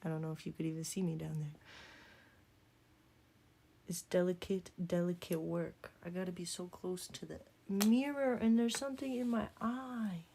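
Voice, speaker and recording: Southern woman, vlogger type, gravelly fry in her voice, joking and rambling as she works. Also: lowish voice, fairly even intonation, moderate pace, warm tone, slight background noise. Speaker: makeup vlogger. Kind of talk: casual chatty tutorial.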